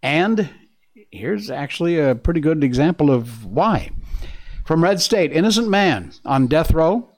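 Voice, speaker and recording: A middle-aged male host delivers opinionated news commentary into a studio mic, with a slightly high-set voice. He sounds emphatic and sarcastic, and he often laughs at the stories he covers. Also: very animated, a little slow. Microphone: studio mic with earpieces.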